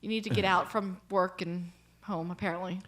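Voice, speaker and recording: A woman's voice: lowish voice, fairly even intonation, normal speed, fairly bright tone. A woman co-hosting a podcast, teasing her partner and laughing a lot in casual studio banter. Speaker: podcast co-host.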